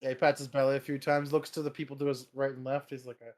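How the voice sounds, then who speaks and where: A man's voice: medium pitch, flat delivery, quick pace. A man playing a tabletop game, talking in a laid-back, rambling way. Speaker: player.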